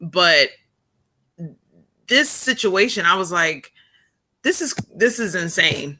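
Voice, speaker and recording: A woman on a livestream panel, pausing often as she offers thoughtful, hesitant commentary. Her voice sits low for a woman but sounds bright and forceful. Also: animated. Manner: thoughtful, hesitant, many ums. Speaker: panel guest. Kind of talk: casual commentary.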